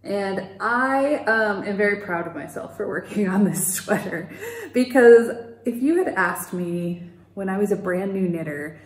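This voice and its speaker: A woman hosting a knitting podcast, talking casually and rambling a little, with fillers and the odd laugh. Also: mid-range voice. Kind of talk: casual knitting video chat. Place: home. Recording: echoey room.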